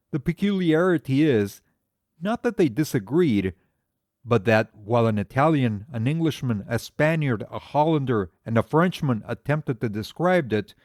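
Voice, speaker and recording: A man reading the part of a calm, methodical amateur detective, laying out his reasoning in a measured lecture. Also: fairly high pitch, no echo, studio quality. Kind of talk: audiobook character reading.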